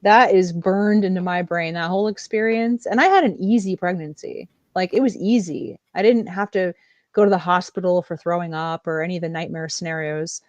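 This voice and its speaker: A woman's voice: lowish voice, a little fast, no echo. Candid woman telling stories, dry sound. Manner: candid, animated storyteller. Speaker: podcast co-host. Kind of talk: casual chat.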